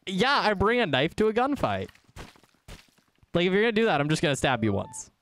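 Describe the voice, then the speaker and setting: A man's voice: high voice, sing-song, a little fast, a crowd in the background. A man streaming a game, chatting casually and teasing his friends in a goofy way. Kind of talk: casual gaming chat.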